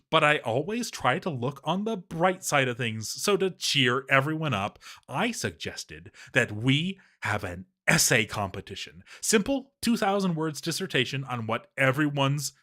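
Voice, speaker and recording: A man's voice: medium pitch, sharp tone, exaggerated voice. A man voicing a relentlessly cheerful, silly male dwarf writing in his diary, chirpy and fond of puns. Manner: chirpy, punning, prim.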